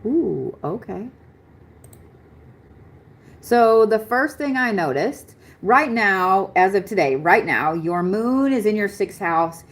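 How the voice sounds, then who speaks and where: A woman giving a live-stream astrology reading in a chatty, excitable way, swearing casually. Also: mid-range voice, takes it slowly. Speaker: astrology reader.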